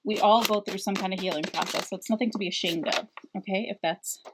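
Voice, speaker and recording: A woman's voice: mid-range voice, steady tone, fast talker, very noisy. A middle-aged woman giving a casual, reassuring spiritual card reading, rambling with fillers. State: out of breath. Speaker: tarot card reader.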